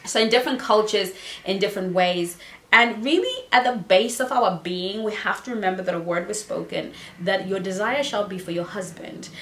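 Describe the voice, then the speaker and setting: A woman's voice: mid-range voice, normal speed, fairly bright tone. Brief: woman dating coach from Southern Africa, emphatic and playful, roomy echo. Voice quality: emphatic, playful, repeats phrases for effect. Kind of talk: motivational advice video.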